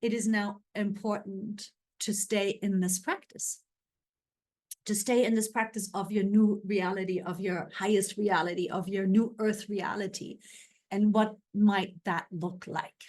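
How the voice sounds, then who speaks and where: A woman hosting a spiritual guidance podcast, speaking in an unhurried, affirming way with repeated phrases and frequent "right?" check-ins. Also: medium pitch, fairly even intonation, a little mellow. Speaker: spiritual coach and podcast host.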